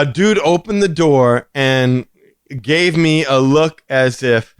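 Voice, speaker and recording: Animated man telling a story. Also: takes it slowly, clear, resonant tone, dry recording. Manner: animated, acts out quotes in a high voice. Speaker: podcast co-host. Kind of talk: casual storytelling chat.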